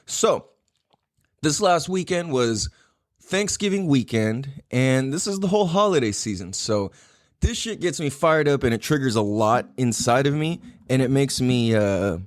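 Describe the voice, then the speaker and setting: A man's voice: mid-range voice, animated, unhurried, dry recording. So-cal dude hosting his podcast, cussing n laughing, bouncy voice, super dry mic. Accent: Southern Californian. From Southern California. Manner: profane, loose and laughing. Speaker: podcast host. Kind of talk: casual solo podcast monologue.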